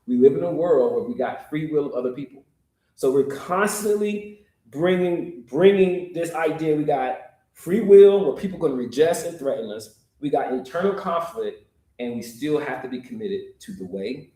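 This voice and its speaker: A man's voice: fairly high pitch, lively intonation, moderate pace, mellow. A man preaching a sermon, talking directly to the congregation in an easygoing, conversational way. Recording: echoey room.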